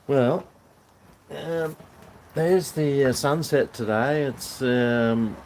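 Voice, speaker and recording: A man's voice: medium pitch, very slow, darkish tone. A man with an Australian accent chatting casually on a livestream, rambling with jokey asides and talking to his dog. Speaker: livestream host. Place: house, indoors and on a balcony. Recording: echoey room with faint background noise.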